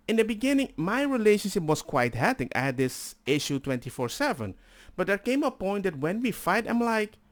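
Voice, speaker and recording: Animated high-voiced man reacting. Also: fairly quick. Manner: animated, exclaiming, acts out quoted dialogue. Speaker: reaction channel host. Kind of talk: casual reaction commentary.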